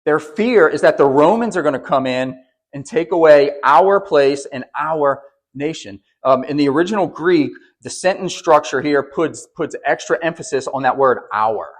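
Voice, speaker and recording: A pastor preaching a sermon, conversational and often restarting words, then building to emphatic peaks. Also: male voice, fairly high pitch, lively intonation, moderate pace.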